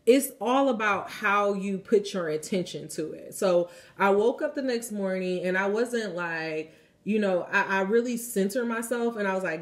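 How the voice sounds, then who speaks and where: A young woman tarot reader tells a story in casual spiritual vlog style, speaking at a moderate pace with a medium-pitched voice. She's chatty, full of "like" and "you know," and swears now and then.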